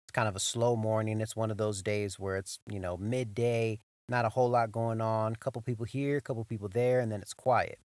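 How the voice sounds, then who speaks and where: A young man hosting a podcast, telling a story in a loose, animated way, full of swearing and "bro", circling back and repeating himself. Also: lowish voice, fairly quick, few pauses, no room sound. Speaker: podcast host. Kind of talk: casual storytelling monologue.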